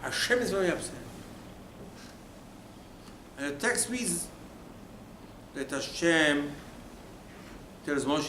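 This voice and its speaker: A man teaching a Torah lesson as a rabbi, retelling the text in a theatrical, animated way. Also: fairly high pitch, slow, pauses often, a little hiss or hum. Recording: echoey room with faint ambience.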